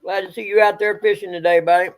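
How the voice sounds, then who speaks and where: A man hosting a casual livestream, talking easy and unhurried while he eats. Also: high voice, steady tone. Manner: easygoing, drawn-out talk. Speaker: livestream host. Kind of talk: casual chat. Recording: clear background noise.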